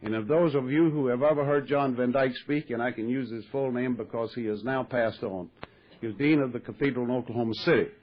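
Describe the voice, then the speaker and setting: A man's voice: medium pitch, fairly quick. Older man telling his story. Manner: folksy storytelling, wry humor. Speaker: AA speaker. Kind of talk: recovery talk to an audience. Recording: muffled vintage tape recording.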